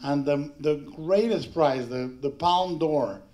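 Halting man telling rambling anecdotes. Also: fairly high pitch, dark tone. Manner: rambling, halting restarts, laughing often. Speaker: panelist at a film tribute. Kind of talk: anecdotal tribute speech. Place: panel before an audience.

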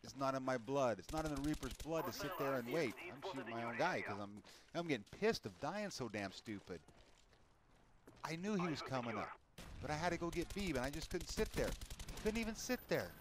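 A man's voice: medium pitch, animated, a little fast, a crowd in the background. A man commentating his own video game play in a frustrated, profane rant. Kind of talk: casual gameplay commentary. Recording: gameplay with loud gunfire behind. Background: game gunfire and clicks.

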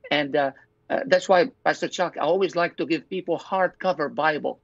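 A man's voice: a little high, moderate pace, vocal fry, no echo. An older man, a pastor and doctor, telling his personal testimony as an interview guest in an earnest, storytelling way. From Lebanon. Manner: earnest storyteller, acts out his own quoted thoughts. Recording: dull, dry lo-fi recording.

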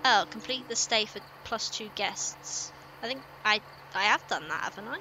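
A woman's voice: medium pitch, expressive, moderate pace, hardly any pauses, noisy background. A young woman streamer giving playful, chatty let's-play commentary, talking to herself and her chat. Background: game music.

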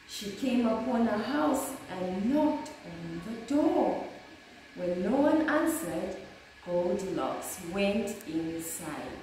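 A woman, an early years teacher, reading a children's story aloud with slow, expressive delivery. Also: medium pitch, distant mic, a little hiss or hum. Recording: echoey room, voice off-mic.

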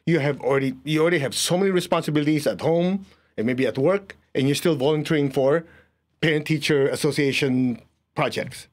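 A man's voice: fairly high pitch, fairly quick. A man teaching an energy healing class, leading a live audience through a guided exercise. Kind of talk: guided group lesson.

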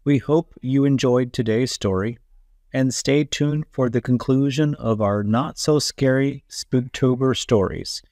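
A man narrating a children's story aloud, gentle and deliberate. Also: mid-range voice, no room sound, studio quality.

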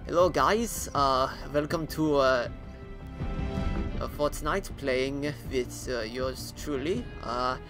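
A man's voice: mid-range voice, slow pace, over music, natural voice. A man voicing a new male gamer character with a put-on Australian accent, rambling through gameplay with many fillers. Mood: chatty. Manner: hesitant, filler-heavy, louder than his own voice.

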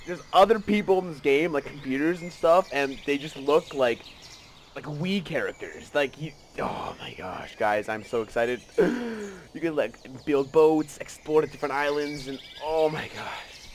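A man giving casual let's play commentary, excitable and rambling, often gasping and joking at himself. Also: on the high side, a little slow, a little hiss or hum. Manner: excitable, rambling, gasps and self-mocking asides.

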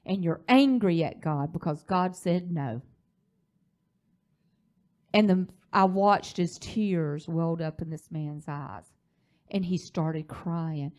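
A woman's voice: fairly low pitch, slow, pauses often, a little mellow. A woman, the pastor's wife, teaching a church leadership class in a preaching style, telling a story with emphasis.

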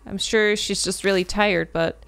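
A woman reading a visual novel aloud as she plays, breaking into loud, animated exclamations and swearing. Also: mid-range voice, unhurried, gravelly, no echo. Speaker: gaming video creator.

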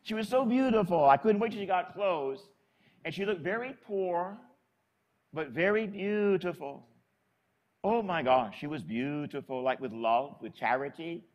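A man's voice: fairly high pitch, expressive, normal speed, a little mellow, lo-fi sound. A man from Florida, a Catholic priest, telling a story in a sermon in a chatty, folksy way.

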